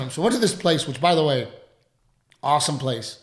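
A male radio host with a fairly high voice tells a story in casual chat, unhurried yet animated, rambling with plenty of fillers. The sound is roomy.

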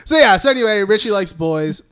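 A man's voice: high-pitched, animated, brisk, a bit bright, clean tone. Male podcast co-host, casual and profane, fills every gap with "like" and "uh.". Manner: profane, rambling retelling with lots of fillers. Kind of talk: casual chat recapping a film.

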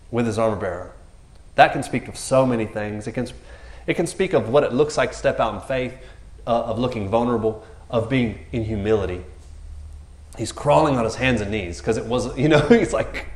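A man's voice: medium pitch, roomy sound. A man preaching a casual, joking sermon, acting out the characters in raised voices. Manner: animated, jokey, acts out characters with raised voices.

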